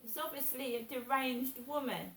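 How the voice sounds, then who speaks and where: A woman's voice: high voice, normal speed, fairly bright tone, recorded from a distance. A woman vlogging in a rambling, aggrieved way, repeating herself as she complains. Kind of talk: casual vlog rant. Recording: echoey room with faint hiss.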